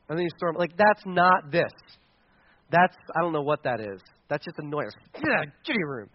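A man preaching a sermon, animated and asking the audience questions. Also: a little high, normal speed, highs cut off. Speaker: pastor.

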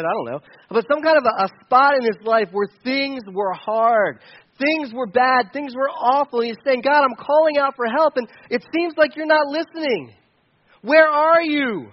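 A man preaching a sermon in an earnest, conversational way, with many restarts and asides, rising to loud pleading and dropping to quiet remarks. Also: high voice. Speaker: pastor. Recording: dull lo-fi sound.

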